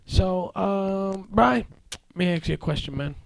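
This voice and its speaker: A man's voice: sits high, measured pace, gravelly. A man hosting a show, chatting loosely and joking through sponsor plugs. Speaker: host. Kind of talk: casual chat and read sponsor plug.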